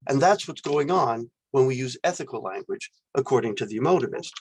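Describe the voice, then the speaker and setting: A man's voice: medium pitch, lively intonation, a little fast, slightly rough. A man lecturing on philosophy, explaining ideas step by step and acting out example phrases with exclamations. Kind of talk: recorded university lecture.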